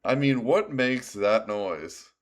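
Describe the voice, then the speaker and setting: A man streaming a live reaction, excitable and blunt, swearing and laughing as he comments. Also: mid-range voice, slow.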